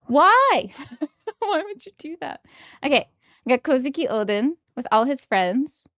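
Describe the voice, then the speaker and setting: A young woman streaming from home, chatting casually and giggling excitedly as she opens trading cards. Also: high-pitched, a little slow, no room sound, clean studio sound. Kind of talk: casual live-stream chat while opening trading cards.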